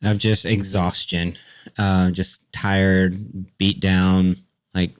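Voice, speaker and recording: A man in his thirties, a podcast co-host, speaking in a slow, reflective way in casual conversation. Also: low-pitched, little pitch movement, clean tone, dry recording.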